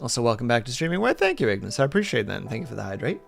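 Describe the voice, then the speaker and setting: A man's voice: mid-range voice, huge pitch swings, racing, creaky, faint music behind. A man streaming live, chatting casually and rambling with his viewers in a self-deprecating way.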